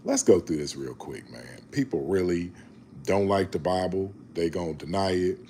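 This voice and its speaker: A man, reading scripture slowly and then talking about it in a casual, emphatic preaching way. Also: low voice, vocal fry, a little hiss or hum. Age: 40s. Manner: slow measured reading, then animated, emphatic street-talk commentary. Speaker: online Bible reader and commentator.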